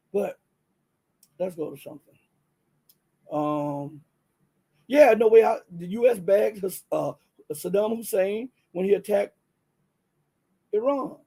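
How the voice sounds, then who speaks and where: A man's voice: high voice, gravelly, husky. A man with a Southern US accent hosting a casual livestream, talking straight to viewers and reading from his screen with many restarts. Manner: animated, talks to viewers directly, many restarts and fillers. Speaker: livestream host.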